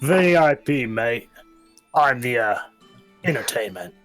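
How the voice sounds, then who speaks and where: A man voicing a cocky male traveling entertainer in a tabletop game, with a swaggering, drawn-out delivery. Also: mid-range voice, expressive, fairly bright tone, soft background music.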